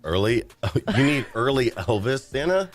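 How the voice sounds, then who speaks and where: A man's voice: medium pitch, big pitch swings, a little slow. A man, a guest on a radio show, talking in a dry, teasing way. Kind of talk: casual chat.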